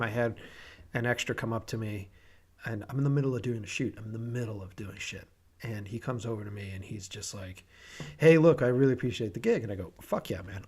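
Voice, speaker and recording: A man, a director hosting a podcast, chatting casually with relaxed, profane, halting storytelling. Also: on the low side, husky.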